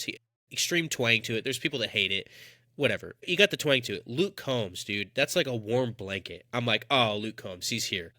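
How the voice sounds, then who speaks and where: A young man co-hosting a podcast, talking in an enthusiastic, rambling way with plenty of emphasis. His voice is bright and forceful, and it sits close and dry with almost no room sound. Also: mid-range voice, dry recording. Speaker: podcast co-host. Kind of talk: casual chat.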